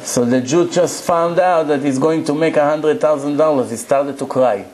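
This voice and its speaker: A man's voice: a little high, moderate pace, darkish tone, poor audio. A man, a rabbi, giving a Torah lecture to a live audience, preaching emphatically and telling stories with rhetorical questions.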